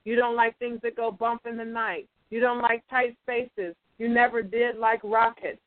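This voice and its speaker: A woman's voice: fairly high pitch, little pitch movement, moderate pace, no echo. A woman co-hosting a motivational talk show, emphatic and fond of saying "absolutely". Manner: emphatic, says "absolutely" often. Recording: phone-line audio, dry.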